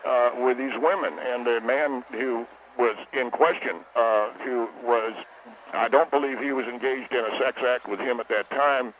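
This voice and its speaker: A man's voice: medium pitch, steady tone, moderate pace. Nervous stammering male caller on phone. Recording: tinny phone line with faint hiss.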